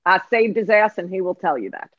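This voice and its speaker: Brief: lively, emphatic female life coach, middle-aged, lo-fi dry podcast sound. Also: medium pitch, a little fast, dry recording. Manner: emphatic, lively, acts out voices. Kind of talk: animated teaching in conversation.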